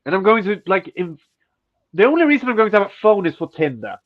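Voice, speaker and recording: Podcast co-host, man, stuffy-nosed, foul-mouthed rants, swooping pitch, dull lo-fi audio. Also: quick pace. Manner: profane, ranting, animated. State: stuffy nose. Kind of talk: casual chat.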